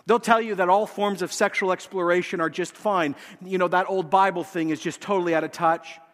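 A pastor, preaching a sermon in a church and speaking earnestly and directly to the congregation. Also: male voice, sits high, fairly even intonation, fairly quick, a bit bright, in a large hall. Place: church sanctuary.

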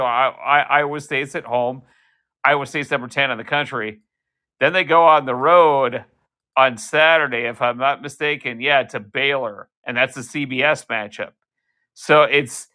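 Bright-voiced man chatting sports. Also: mid-range voice. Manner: talkative, rambling, laughs at own jokes. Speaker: podcast co-host. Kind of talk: casual sports chat.

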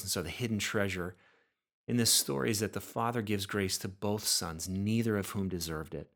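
Earnest man preaching, slightly low voice. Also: normal speed, a bit bright. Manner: earnest, repeats words and restarts often. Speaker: pastor. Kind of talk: sermon.

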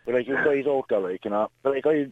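A man's voice: medium pitch, quick pace, noisy background. An Irish man in his late forties, calling in to a radio show and rambling through stories. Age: 40s. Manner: rambling anecdotes. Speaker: caller. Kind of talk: phone-in call. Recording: tinny phone line.

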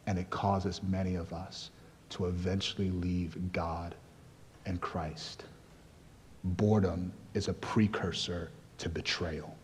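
This Nigerian pastor preaches with a low, slightly mellow voice, sometimes conversational and sometimes rising into emphatic exhortation. The long reverb of a large hall surrounds him, with slight background noise.

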